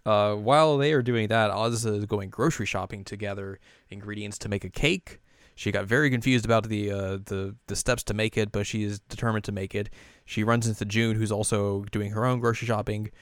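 Smooth low-voiced man recapping casually. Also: steady tone, fairly quick, no echo, studio quality. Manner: rambling, chuckling, self-correcting. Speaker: podcast host. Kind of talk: casual anime recap chat.

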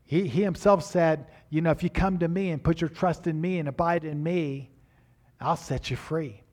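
An older man preaching and telling a story in a sermon, animated, with frequent repeated restarts. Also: fairly high pitch, normal speed. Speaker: pastor.

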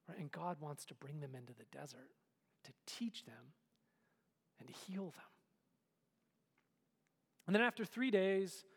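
A male pastor with a notably high voice preaches in a casual, conversational way. He tosses in "right?" again and again and sometimes sinks to an intimate near whisper. His voice rings out with a long reverb, as in a big sanctuary. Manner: conversational, keeps asking "right?", drops to a near whisper at times. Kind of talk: sermon.

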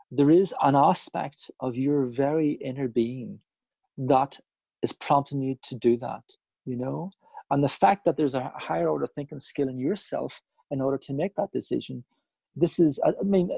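A man speaks as a podcast guest in earnest, reflective conversation. His voice is gravelly, husky and mellow. The sound is dry, with faint music underneath. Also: mid-range voice, dry recording. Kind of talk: casual conversation.

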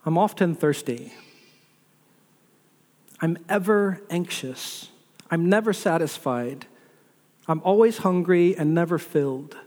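A man's voice: fairly high pitch, slow, long pauses, a little mellow. A man preaching a sermon as pastor, building repetitive lists and asking the listeners rhetorical questions. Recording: long reverb of a large hall.

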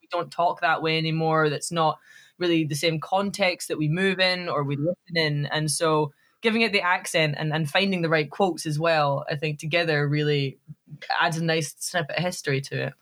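A woman's voice: low-pitched, fairly even intonation, normal speed, a bit bright. A woman, a podcast guest who laughs a lot and makes fun of herself. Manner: laughs often, self-deprecating. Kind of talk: casual chat.

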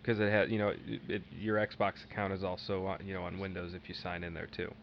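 A man's voice: low voice, little pitch movement, a little fast. A man co-hosting a casual podcast chat, rambling and using many fillers. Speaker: podcast co-host. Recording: dull lo-fi audio with faint hiss.

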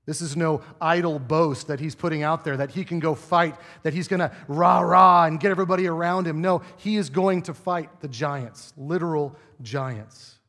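A man's voice: a little high, moderate pace, hardly any pauses, fairly bright tone. A pastor giving a conversational sermon in a church, often asking his listeners rhetorical questions. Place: church sanctuary. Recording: long reverb of a church hall.

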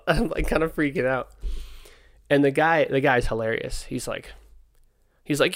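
Exasperated man telling a story. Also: medium pitch. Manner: candid, exasperated, acts out dialogue in quick quotes. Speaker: podcast host, skate park owner. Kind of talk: casual storytelling monologue.

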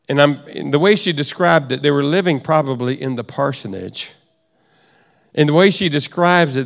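A man's voice: medium pitch, gravelly, big-room sound. A middle-aged man teaching a sermon in a conversational way, often repeating and restarting phrases. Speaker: preacher.

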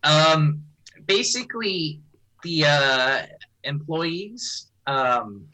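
Man, tabletop player, very bright voice, rambling, profane. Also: a little high, expressive, drawn-out words, low-quality recording. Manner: rambling, filler-heavy, profane. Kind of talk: tabletop role-play banter.

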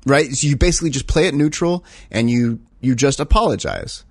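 A man's voice: medium pitch, fairly quick, no room sound, clean studio sound. A man co-hosting a casual podcast chat, blunt and profane, reading aloud and acting out quotes. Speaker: podcast co-host.

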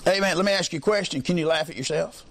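A preacher with a high voice for a man delivers a folksy sermon, dropping "amen" after nearly every thought and drawing answers from the pews. His delivery climbs into shouted peaks, with a faint hum of noise behind him. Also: quick pace. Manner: colloquial, peppers lines with "amen", swells into shouts. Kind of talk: sermon with congregation call-and-response.

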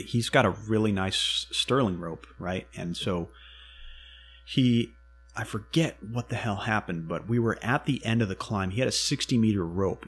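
Husky low-voiced man telling a story. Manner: animated, swears freely, acts out quotes. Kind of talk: casual storytelling chat.

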